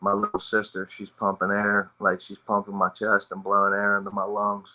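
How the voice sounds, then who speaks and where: Blunt, bright-voiced veteran telling his recovery story. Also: lowish voice, completely flat delivery, normal speed, poor audio. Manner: raw, blunt and emotional, with frequent swearing. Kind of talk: personal recovery testimony.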